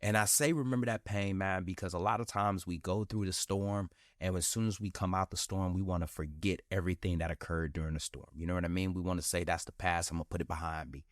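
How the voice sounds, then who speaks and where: A man's voice: deep voice, fairly even intonation, fast talker, hardly any pauses, dry recording, studio quality. A man hosting his own podcast, talking candidly and with feeling in a casual, slangy way and repeating phrases for emphasis. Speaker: podcast host. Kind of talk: casual motivational monologue.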